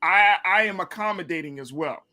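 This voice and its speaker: A man hosts a casual talk show, his voice pitched high for a man. He jokes a lot and piles up repeated words when he jumps in. The tone is bright and pushy. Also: brisk. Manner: animated, jokey, repeats words when cutting in. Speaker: host. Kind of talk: casual chat.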